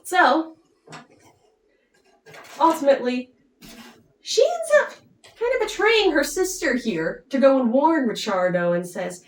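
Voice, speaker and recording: A woman's voice: high-pitched, very animated, takes it slowly, pauses often. A young woman casually retelling an opera plot in a chatty, playful way. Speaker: opera summary storyteller. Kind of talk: casual storytelling. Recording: roomy, distant mic.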